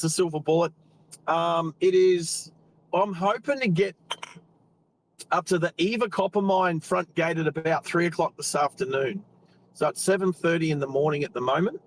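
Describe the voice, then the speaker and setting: A man's voice: a little high, slight background noise, rough recording. Chatty Australian man driving on a live stream. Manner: chatty, rambling, greets viewers by name. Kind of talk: casual live-stream chat. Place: in a car while driving.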